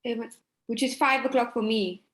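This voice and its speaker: A woman's voice: on the high side, moderate pace, fairly bright tone. A woman speaking politely on a video call, hesitant, stumbling and laughing as she asks questions. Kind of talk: casual chat before an online session.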